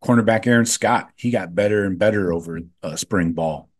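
Man, low voice, sports podcast host, offhand, lots of ums. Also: fairly quick. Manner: offhand, filler-heavy, gives frank opinions. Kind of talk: casual sports talk.

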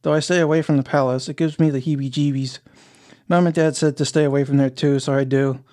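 A man's voice: a little high, fairly even intonation, quick pace, warm tone, lightly acted. A man voicing a cheerful, playful ghost girl in a storybook reading, with a chirpy manner. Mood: chatty.

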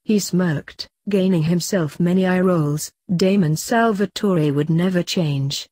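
Husky lady reading fanfic out loud, mellow low voice, dry sound. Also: measured pace, no echo. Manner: steady narration with lightly voiced dialogue. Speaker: fanfiction reader. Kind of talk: reading a story aloud.

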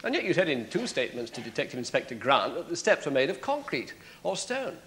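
An actor playing a sharp, sardonic prosecutor cross-examining a witness in a courtroom drama. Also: male voice, fairly high pitch, big pitch swings, quick pace, a little hiss or hum. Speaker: prosecuting barrister.

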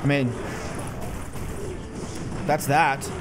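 A man in his thirties giving goofy, self-mocking live commentary over a mobile game, often dropping into silly low voices. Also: little pitch movement, very slow, noisy background. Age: 30s. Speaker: gaming YouTuber.

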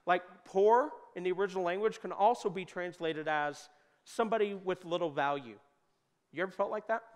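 A man preaching a sermon in a church, talking conversationally and joking, with sudden loud bursts. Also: high voice, brisk. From United States. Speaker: pastor. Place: church hall. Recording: long hall reverb.

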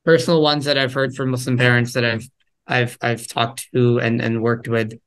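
Medium-pitched and smooth, a man addresses parents casually on how to listen to their kids, keeping a level tone and moderate pace. As a workshop speaker he stays conversational, acting out short quotes between parent and child.

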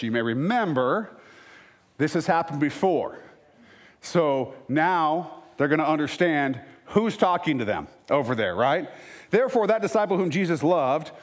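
A man preaching a sermon as pastor, reading scripture aloud with casual, joking asides between passages. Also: mid-range voice.

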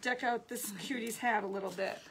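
Craft-stream host: a chatty, upbeat woman, voice pitched a bit high. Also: fairly even intonation, a little fast, a little hiss or hum. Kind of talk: live craft demo, reading viewer comments.

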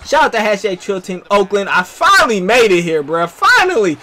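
Young male gaming commentator, West Coast, high bright voice, loose slangy trash talk. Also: brisk. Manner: animated trash talk, slangy, shouting at opponents. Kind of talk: casual gameplay commentary.

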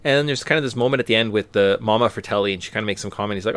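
A man's voice: lowish voice, rapid-fire, fairly bright tone, no room sound. A man hosting a podcast, chatting casually and rambling, often tagging his points with "right?". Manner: rambling, tag questions. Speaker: podcast host. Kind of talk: casual chat. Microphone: podcast mic.

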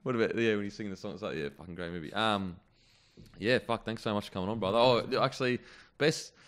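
Deep-voiced, fast-talking host. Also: male voice, a bit bright. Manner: blokey, swears a lot, laughs along. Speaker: podcast host. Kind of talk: casual chat.

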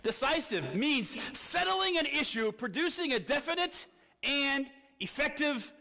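A man's voice: very high-pitched, very animated, measured pace, vocal fry, pushed and bright, slight background noise. A man preaching a sermon as pastor, telling a story with animation and putting questions to the congregation.

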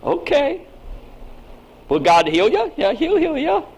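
A pastor, an older man, preaching a sermon in an emphatic style that swings from quiet asides to shouting. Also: very high voice, huge pitch swings, moderate pace, breathy edge, poor audio.

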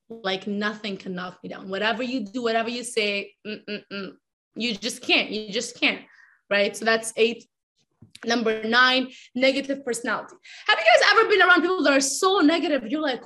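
Young woman, high and bright, animated motivational speaker who acts out quotes. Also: normal speed. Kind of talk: motivational talk.

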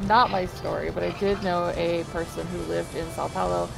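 A lowish, gravelly woman chatting with a dry, offhand delivery, loud music under her voice. She sounds casual and unbothered. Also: level tone, normal speed, low-quality recording. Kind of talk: casual chat.

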